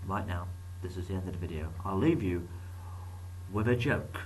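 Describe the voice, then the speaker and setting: A man's voice: deep voice, lively intonation, moderate pace, darkish tone, recorded from a distance, rough recording. A man talking casually to his viewers, rambling and joking at his own expense. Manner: rambling, joking, self-deprecating. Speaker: YouTuber. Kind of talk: casual vlog monologue.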